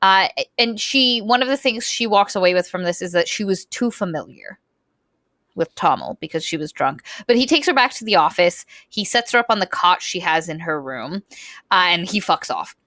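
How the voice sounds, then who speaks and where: A woman co-hosting a casual book discussion, retelling the story in an animated way with lots of "like" fillers. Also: fairly low pitch, normal speed, dry recording, clean studio sound. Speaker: podcast co-host.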